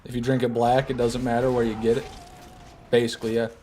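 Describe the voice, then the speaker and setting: A man's voice: mid-range voice, flat delivery, fast, dark tone, slight background noise. Joking American man streaming games. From Michigan, USA. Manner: joking, rambling, talks to chat. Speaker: gaming streamer. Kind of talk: casual livestream commentary.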